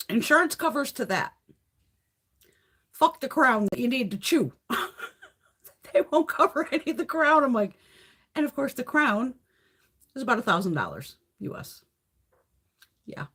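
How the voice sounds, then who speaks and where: A woman's voice: a little high, a bit bright, slightly rough. A woman hosting a beauty livestream, telling stories in blunt, profane casual chat with snarky asides.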